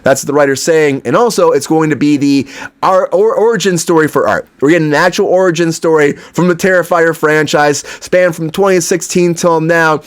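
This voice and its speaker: A man's voice: on the high side, normal speed, clear, resonant tone. A man hosting an entertainment news show, giving casual, opinionated commentary with frequent asides to his viewers. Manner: chatty, opinionated, lots of fillers and asides to viewers.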